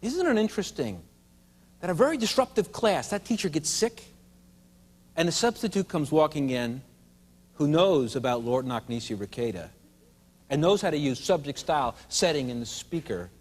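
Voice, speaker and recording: High-pitched guy running a teacher workshop, super animated, audience repeats after him, big hall echo. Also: moderate pace. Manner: playful, leads audience in call-and-response. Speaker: teacher trainer. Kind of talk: live teaching seminar. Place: hall with a live audience of adults. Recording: long hall reverb.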